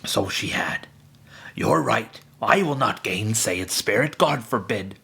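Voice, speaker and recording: A man's voice: on the low side, animated, unhurried, creaky, sharp tone, husky, exaggerated voice. A man voicing an elderly miserly man looking back on his youth, in a wistful way. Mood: subdued.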